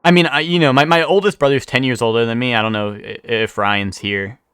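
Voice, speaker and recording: A man's voice: medium pitch, steady tone, fairly quick, a bit bright, clear, resonant tone, dry recording, clean studio sound. A man streaming live, chatting casually with chat, rambling with many fillers and restarts and swearing freely.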